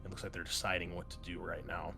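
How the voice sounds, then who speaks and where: A man narrating a tabletop role-playing game as game master, pausing often with fillers and restarts. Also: low-pitched, level tone, creaky, bright, forceful tone, soft background music. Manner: halting, many fillers and restarts.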